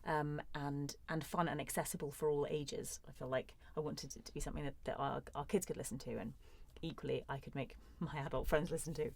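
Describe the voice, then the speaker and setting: This actor, a woman in her thirties, has a low voice with fairly even intonation and talks briskly with hardly a pause. Recorded in a studio, she fields fan questions in casual chat, poking fun at herself playfully.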